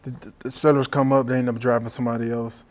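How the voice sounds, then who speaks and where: A man's voice: medium pitch, little pitch movement, fast talker. A man from Michigan hosting a casual chat, laid-back and saying "bro" a lot. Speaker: podcast host.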